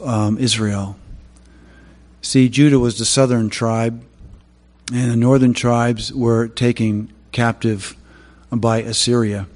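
A man giving a sermon, opening with prayer and then telling Bible stories in a halting way with many fillers. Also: medium pitch, a little mellow, big-room sound. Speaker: preacher.

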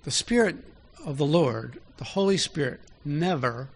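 A man's voice: a little high, animated, measured pace, breathy edge. A man preaching a sermon in an easy, conversational way, often asking his listeners direct questions.

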